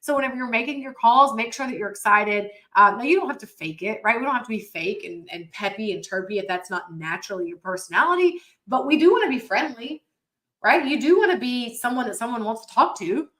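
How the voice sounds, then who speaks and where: Bright-voiced energetic woman sales trainer. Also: on the high side, fairly quick, poor audio. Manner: energetic, emphatic, coaching. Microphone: computer mic on a webinar.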